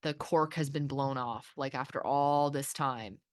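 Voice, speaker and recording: A woman hosting a podcast, talking candidly and swearing freely, with halting restarts. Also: very deep voice, steady tone, no echo, studio quality. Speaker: podcast host. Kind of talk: candid therapy-style conversation.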